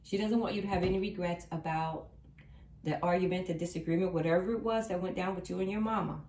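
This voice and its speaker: A woman's voice: fairly low pitch, steady tone, fast talker, a little mellow, a little hiss or hum. A woman doing a tarot reading for viewers, reassuring and emphatic, repeating her key lines. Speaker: tarot reader. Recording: roomy sound from a distant mic.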